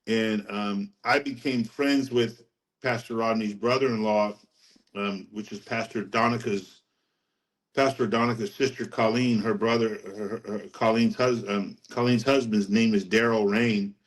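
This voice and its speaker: A middle-aged man, a podcast guest, telling his faith story in a rambling, animated way and laughing at his own anecdotes. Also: fairly low pitch, unhurried, rough recording. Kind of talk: casual testimony storytelling.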